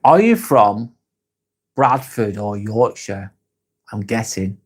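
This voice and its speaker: A man's voice: lowish voice, lively intonation, slow, breathy edge. A man with a British accent hosting a casual live stream, reading out viewer comments and answering them bluntly, swearing freely and often laughing.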